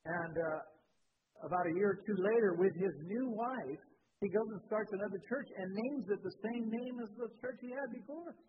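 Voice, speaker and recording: Male pastor, sermon with animated storytelling, slightly high voice, tinny lo-fi recording. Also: moderate pace. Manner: animated storytelling with sudden rises in pitch and volume. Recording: tinny phone-like sound with faint noise.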